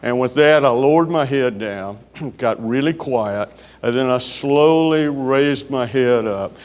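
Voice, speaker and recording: A man with a Southern US accent delivers a keynote in a folksy, storytelling manner, pausing often on fillers. His voice is smooth and resonant, with a long reverb trailing off the walls of a large conference hall. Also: medium pitch, darkish tone. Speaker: keynote speaker.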